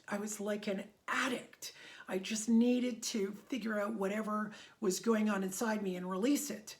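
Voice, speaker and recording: A middle-aged woman tells her community what her teaching work has meant to her. She speaks with deep, heartfelt emotion and often sounds close to tears. Her voice has a gravelly, creaky edge and sits at an ordinary pitch for a woman. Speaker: meditation method instructor. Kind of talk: personal testimony to a community.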